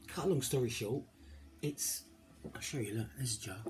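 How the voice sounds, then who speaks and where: Jokey, rambling home-cooking vlogger, middle-aged, faint room noise. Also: male voice, lowish voice, lively intonation, moderate pace. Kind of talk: casual chat to camera. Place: home kitchen, indoors. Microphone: camera mic.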